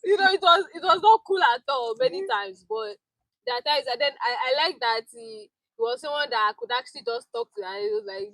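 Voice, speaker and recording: A woman's voice: extremely high pitch, very animated, fairly quick, gravelly, a bit bright, no echo, poor audio. A Nigerian woman telling her teaching story in a casual group chat, acting out quotes and laughing often. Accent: Nigerian English. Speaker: teaching fellow sharing experience.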